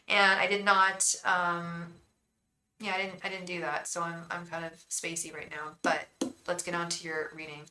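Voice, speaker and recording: A woman's voice: lowish voice, fairly even intonation, normal speed, creaky, pushed and bright, poor audio. A woman tarot reader chatting casually on a livestream, rambling and talking straight to her viewers.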